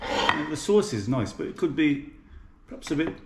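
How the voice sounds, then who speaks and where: A chatty man from Birmingham, England, speaks in a fairly high, sing-song voice at a moderate pace. He's a self-mocking home cook vlogger addressing viewers in a casual cooking vlog from his home kitchen, which sounds echoey, with faint clatter and background noise.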